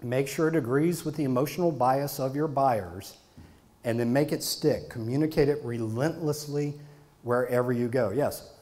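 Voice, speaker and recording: A man's voice: medium pitch, normal speed, a little mellow. Emphatic middle-aged man lecturing. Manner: emphatic, piles up repeated phrases for stress. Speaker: marketing consultant, speaker. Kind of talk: lecture to a live audience.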